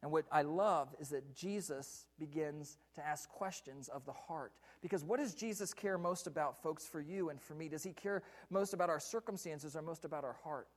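Man, high-pitched, pastor, church sermon, repeats lines, asks questions. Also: moderate pace, few pauses. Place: church, preaching from the pulpit.

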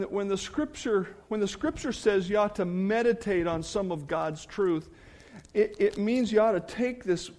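A man's voice: sits high, a little mellow. A male pastor preaching a sermon in church, earnest, leaning hard on key phrases.

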